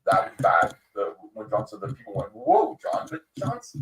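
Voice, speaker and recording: A man hosts a casual livestream, ranting with a lively, swooping delivery and plenty of fillers. He sounds set back from the mic in an echoey room. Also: on the low side, moderate pace, vocal fry, far from the mic, a little hiss or hum. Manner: animated, ranting, many fillers and mocking quoted voices. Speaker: podcast host.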